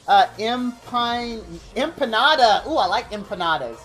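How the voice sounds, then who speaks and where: A man live-streaming a game, rambling excitably and thanking viewers in chat by name. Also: fairly high pitch, moderate pace. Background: faint game music.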